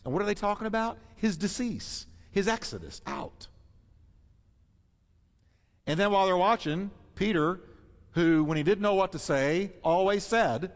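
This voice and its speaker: A man preaching a sermon with emphatic delivery, rising to loud high peaks and dropping to hushed asides. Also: animated, moderate pace. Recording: long reverb of a large hall.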